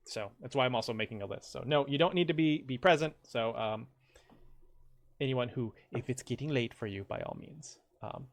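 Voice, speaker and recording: A man's voice: mid-range voice, animated, moderate pace. A man hosting a game stream, joking crudely and rambling between laughs in casual commentary.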